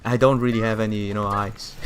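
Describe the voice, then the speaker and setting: A man's voice: fairly low pitch, fairly even intonation, fairly quick. A young man casually commenting on his gameplay, chatty and jokey, often stumbling over words and laughing. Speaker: gaming streamer.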